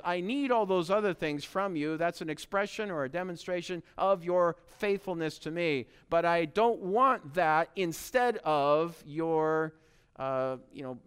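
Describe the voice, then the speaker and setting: A male pastor delivering a sermon in a church, earnest and emphatic, circling back to repeat his key phrases. His voice is clean and resonant, pitched slightly above the usual male range. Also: clear, resonant tone.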